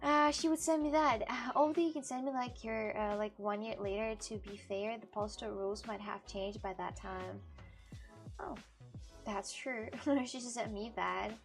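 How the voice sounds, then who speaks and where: A woman's voice: fairly high pitch, fairly even intonation, moderate pace, faint music behind. A woman streamer chatting casually with her live chat, laughing often and restarting her sentences. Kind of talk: casual IRL livestream chat.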